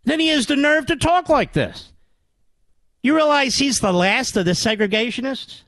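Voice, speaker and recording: A man's voice: very high-pitched, animated, moderate pace, fairly bright tone, dry recording. An older man from the Philadelphia area hosting a political talk radio show, delivering an indignant, sarcastic monologue.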